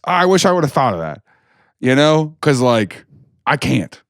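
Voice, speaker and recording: Male comedian co-host, lively voice, playful interjecting banter. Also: a little high, moderate pace, clean tone, no echo, studio quality. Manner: joking, animated interjections.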